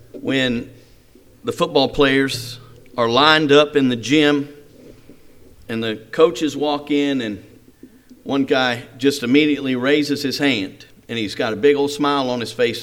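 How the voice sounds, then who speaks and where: A middle-aged man preaching a sermon, telling a story with lively rhetorical questions. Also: medium pitch.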